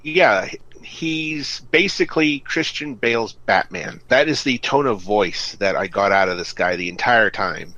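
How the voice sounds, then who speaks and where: Low-voiced guy co-hosting a podcast, chatty and rambly, voice bouncing all over. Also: expressive, a little slow, bright, forceful tone, no room sound, highs cut off. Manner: chatty, recaps the plot loosely with laughs. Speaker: podcast co-host. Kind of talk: casual podcast chat.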